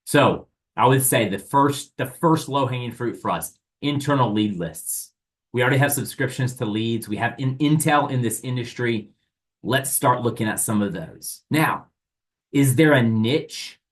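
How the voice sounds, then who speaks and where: Energetic man running a sales training. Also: medium pitch, a little slow. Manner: energetic, animated, talks straight to the audience; asks rhetorical questions and plays both sides. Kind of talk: live online sales training.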